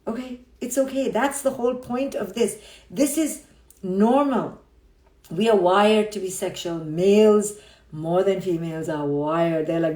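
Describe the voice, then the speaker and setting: Middle-aged woman, frank motivational speaker, blunt and emphatic, mid-pitched voice in a roomy, echoey space. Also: lively intonation, a little slow, mellow. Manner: emphatic and blunt, keeps checking in with "okay?" and "right?". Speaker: psychologist and speaker. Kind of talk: frank motivational live-stream talk. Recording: roomy echo.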